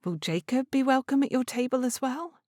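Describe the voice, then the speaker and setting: A woman voicing an earnest, gentle young lady in a Regency audiobook, speaking in a pleading way. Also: sits high, lively intonation, normal speed, dry recording, studio quality, pitched above the performer's own voice. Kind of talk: audiobook character reading.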